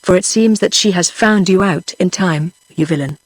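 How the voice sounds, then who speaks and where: A text-to-speech woman's voice with a British English accent reading the lines of a gruff, blustering elderly earl flatly. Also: lowish voice, normal speed, dry recording, natural voice.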